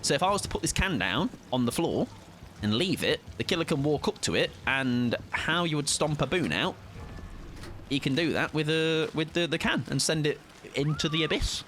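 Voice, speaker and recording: A man streaming a game, chatting playfully and excitably with teammates. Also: fairly high pitch, moderate pace, a little hiss or hum. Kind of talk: casual gaming chat.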